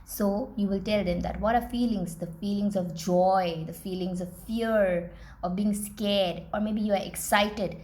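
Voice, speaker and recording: A woman's voice: medium pitch, steady tone, unhurried, a little mellow. A woman teacher, patiently explaining step by step how to teach a young child.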